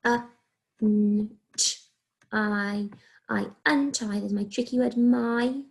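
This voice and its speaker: A woman with an English accent, a primary school teacher giving a recorded phonics lesson to young children, speaking slowly and clearly as she sounds out letters. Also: on the high side. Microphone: recorded video lesson.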